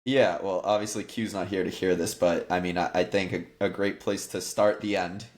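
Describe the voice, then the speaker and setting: A man co-hosting a podcast, calm as he wraps up the talk. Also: low-pitched, moderate pace. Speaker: podcast host. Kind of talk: casual chat.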